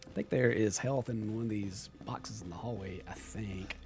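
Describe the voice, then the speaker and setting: A man giving live commentary over his gameplay, excitable and self-mocking, often laughing at himself. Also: on the low side, moderate pace, loud music behind the voice. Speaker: gameplay streamer.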